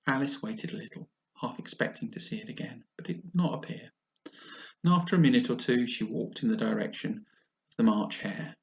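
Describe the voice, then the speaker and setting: Man reading a storybook aloud, lively pitch, slips here and there, muffled lo-fi sound. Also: fairly quick. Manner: expressive reading with small slips. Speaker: narrator.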